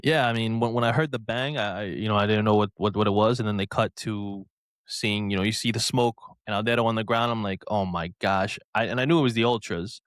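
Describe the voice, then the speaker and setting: A man's voice: lowish voice, fairly even intonation, fast, clear, resonant tone, dry recording. A man co-hosting a podcast, ranting in a heated way and restarting his sentences often. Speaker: podcast co-host. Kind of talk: casual podcast chat.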